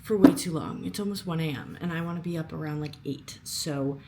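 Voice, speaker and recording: A woman's voice: low-pitched, a little fast, creaky, very noisy. A young woman talking casually to her viewers in an upbeat, chatty vlog voice, with lots of fillers. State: out of breath after training. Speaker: fitness vlogger. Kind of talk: casual vlog talk to camera. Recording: background music.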